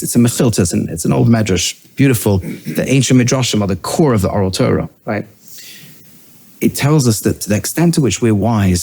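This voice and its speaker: Animated middle-aged rabbi teaching. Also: male voice. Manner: animated, swinging between high emphatic bursts and low quiet asides; weaves in Hebrew terms and quotes, then translates them. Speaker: rabbi and educator. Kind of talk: teaching lecture.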